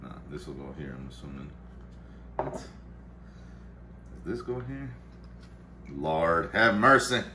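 A man's voice: low voice, very animated, slow, long pauses, background noise. A man hosting a casual vlog at home, rambling and cursing, muttering to himself as he works. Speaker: vlog host. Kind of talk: casual chat while making coffee. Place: home kitchen-dining room.

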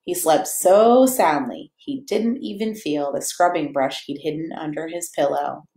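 A woman reading a picture book aloud to children in a playful, animated way, chatting to them and to her dog between pages. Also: deep voice, measured pace, hardly any pauses. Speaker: children's story reader. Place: church or home room, echoey. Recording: echoey room.

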